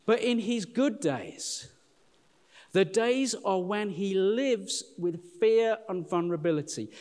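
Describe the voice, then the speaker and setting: A middle-aged man preaching a sermon, animated and chatty, often calling listeners "folks". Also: high-pitched. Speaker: pastor. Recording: long hall reverb.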